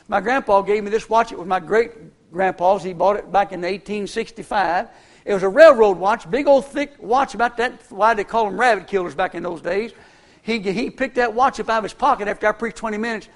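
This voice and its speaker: High-voiced older preacher, folksy drawl. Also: male voice. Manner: folksy, storytelling, warm conversational preaching. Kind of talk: sermon with personal stories.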